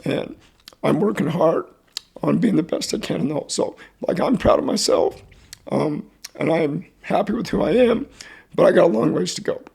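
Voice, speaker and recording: Earnest gravelly man, heartfelt. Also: fairly high pitch, expressive, normal speed, darkish tone. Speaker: podcast guest, football coach. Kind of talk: candid emotional interview talk.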